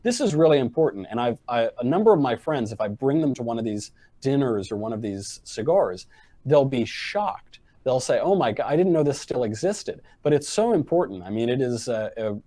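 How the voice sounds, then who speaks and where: A man appearing as a podcast guest, talking in a wry, deadpan style with plenty of fillers. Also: medium pitch, normal speed, no room sound. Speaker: guest commentator. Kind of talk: casual chat.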